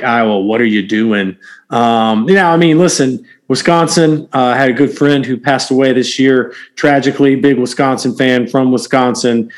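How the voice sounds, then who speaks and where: A man co-hosting a sports podcast in casual chat, animated and full of fillers and restarts. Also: mid-range voice. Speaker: podcast co-host.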